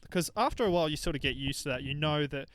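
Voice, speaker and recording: A young man co-hosting a podcast, telling stories in a casual, animated way. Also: on the high side, fast talker, a little hiss or hum. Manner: animated storytelling. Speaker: podcast co-host. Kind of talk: casual chat.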